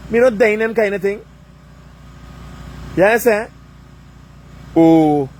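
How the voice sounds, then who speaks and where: A man's voice: a little high, a little hiss or hum. A man delivering a heated, profane rant, swearing constantly and asking "you understand?" over and over. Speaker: vlogger.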